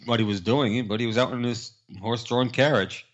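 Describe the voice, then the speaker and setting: Worn out guy on a podcast, dry and plain, mid pitch. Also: steady tone, a little fast, dull audio. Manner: tired, dry, plain storytelling. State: exhausted. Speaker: podcast co-host. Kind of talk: casual chat.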